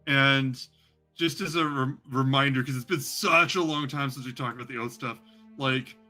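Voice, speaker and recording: Game master, male, rambling narration, bright tone. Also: medium pitch. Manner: rambling, many fillers. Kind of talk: running a tabletop game.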